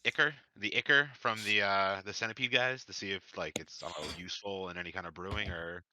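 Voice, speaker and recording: A man's voice: sits low, a little fast, pushed and bright, a little hiss or hum. A man playing in a tabletop game, chatting casually and hesitantly, searching for words. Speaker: player. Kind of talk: casual chat.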